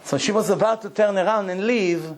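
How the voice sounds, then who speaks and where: A male rabbi telling a story in a lecture, animated and acting out the dialogue in broken English. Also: high voice, a little fast. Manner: broken, non-native-sounding English grammar.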